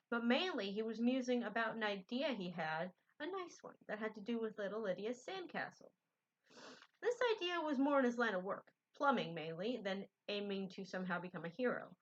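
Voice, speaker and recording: Bright-voiced woman reading a storybook. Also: mid-range voice. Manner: gentle, unpolished, self-correcting. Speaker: storybook reader. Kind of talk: reading a children's book aloud. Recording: dull lo-fi recording.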